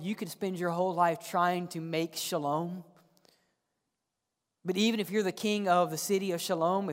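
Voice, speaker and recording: A male pastor delivers a sermon in a church, swinging between loud emphatic calls and hushed near-whispers. He repeats words as he presses each point home. His voice rings through a long, echoing church hall. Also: high-pitched.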